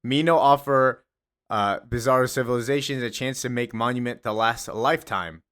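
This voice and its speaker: A man voicing a dim-witted male Bizarro superhero who talks in broken, backwards grammar and boasts loudly. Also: mid-range voice, normal speed, smooth, close to an everyday voice. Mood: commanding. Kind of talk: comic recap acting out quotes.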